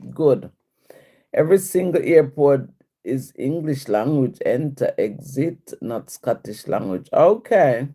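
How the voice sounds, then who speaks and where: A woman with a Jamaican accent hosts a live stream, reading viewers' comments aloud and answering them. She speaks slowly, with a lot of rise and fall in her pitch, in a mellow, dark tone. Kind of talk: casual live-stream chat.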